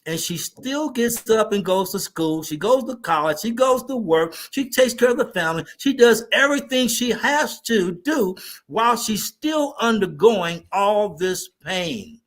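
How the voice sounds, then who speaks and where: A man speaking as a guest on a talk show, an animated storyteller who turns to address the host directly. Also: sits high. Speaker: natural remedies advocate, guest.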